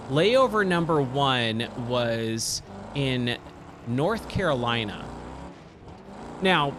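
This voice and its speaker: Casting: a thirtyish male streamer, mid-pitched and unhurried, who rambles and corrects himself over game noise. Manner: rambling, with frequent fillers and self-corrections. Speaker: gaming streamer. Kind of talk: casual storytelling while gaming. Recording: loud racing game sounds underneath.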